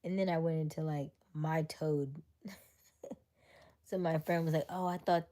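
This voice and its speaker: Low, warm-voiced woman livestreaming late. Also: fairly even intonation, a little slow. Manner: laughs often, drops into whispers; reads answers aloud to viewers. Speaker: livestream host. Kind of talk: casual late-night livestream chat.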